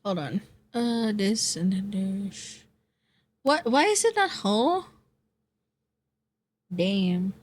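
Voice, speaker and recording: A woman's voice: medium pitch, expressive, slow pace, long pauses. A woman streaming casually as a VTuber, chatting to her viewers with frequent laughter, repeated phrases and free swearing. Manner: talks to chat and friends while setting up a game. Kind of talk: casual live-stream chat.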